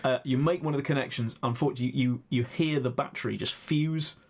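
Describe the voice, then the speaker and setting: A man's voice: medium pitch, fairly even intonation, fast. A man narrating as game master of a tabletop game, chatty and laughing between lines. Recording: roomy echo, faint noise.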